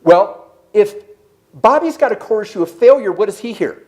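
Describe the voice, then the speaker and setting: Animated guy preaching, high voice, throws questions at the room. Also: normal speed. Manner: animated storytelling, questions to audience. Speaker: speaker. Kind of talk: sermon-style talk. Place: church service.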